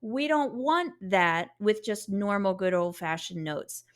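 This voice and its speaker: A woman's voice: medium pitch, lively intonation, takes it slowly. A woman teaching a beginner saxophone lesson, explaining patiently step by step and sounding out syllables to demonstrate.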